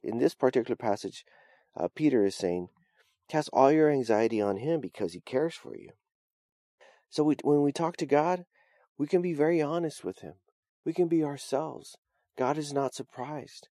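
Male pastor, low gravelly voice, dry close sound, conversational sermon delivery. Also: expressive, moderate pace, dark tone, dry recording. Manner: conversational storytelling, frequent restarts and "uh".

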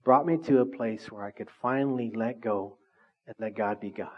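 A male pastor preaching a conversational sermon, animated and full of asides to the congregation. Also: lowish voice, normal speed, highs cut off.

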